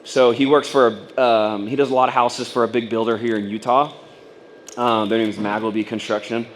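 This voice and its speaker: A man's voice: mid-range voice, little pitch movement, normal speed, a little hiss or hum. A man telling a personal story to a room of fellow business owners, rambling and casual, acting out what people said. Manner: rambling and casual, full of fillers and acted-out quotes. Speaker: speaker at a business training event. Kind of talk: personal story told to an audience.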